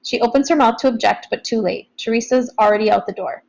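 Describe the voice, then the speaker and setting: A woman reading a novel aloud in first person, in plain, steady storytelling. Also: on the high side, fast, creaky, highs cut off. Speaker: audiobook narrator.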